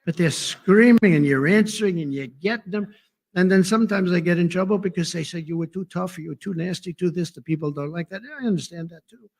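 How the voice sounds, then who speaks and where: A man's voice: high voice, a little fast, creaky. A man giving a rambling, off-the-cuff political speech at a conference, full of sarcasm and digressions.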